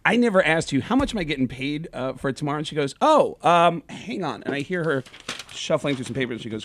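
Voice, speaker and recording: Animated storytelling man, slightly high voice. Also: quick pace, no echo. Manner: animated storyteller who acts out dialogue. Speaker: comedian guest. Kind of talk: casual radio studio chat. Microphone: studio microphone. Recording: dry studio sound.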